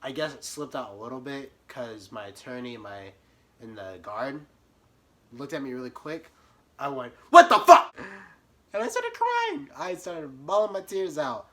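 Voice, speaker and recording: A young man telling a comic story about himself, animated, swinging from muttered asides to sudden yelps. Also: medium pitch, normal speed. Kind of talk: comedic storytime monologue.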